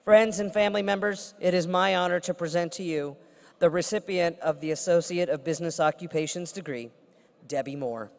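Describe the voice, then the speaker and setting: A woman's voice: fairly low pitch, brisk, gravelly. A woman who is a state senator gives a formal ceremonial introduction at a podium with playful asides. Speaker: state senator presenting an honorary degree. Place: large ceremony hall. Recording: reverberant ceremony hall.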